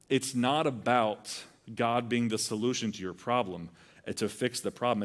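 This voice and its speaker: Man preaching a casual, conversational sermon. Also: mid-range voice. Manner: conversational, acts out quoted voices. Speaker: pastor.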